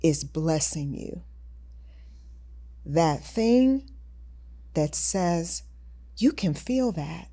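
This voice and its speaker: A woman hosting a podcast conversation, reflective and deliberate, stressing her words with a sing-song lift. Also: deep voice, expressive, warm tone. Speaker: podcast host.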